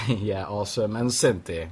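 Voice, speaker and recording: A man hosting a casual interview, excitable, swearing and stumbling over his questions. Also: fairly low pitch, measured pace, background noise. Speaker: podcast host.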